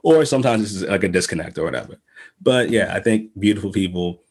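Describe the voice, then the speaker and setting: A man's voice: lowish voice, fast talker, a little mellow, husky. A man in casual conversation, rambling and restarting often, swearing freely and acting out quoted remarks. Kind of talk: casual podcast chat.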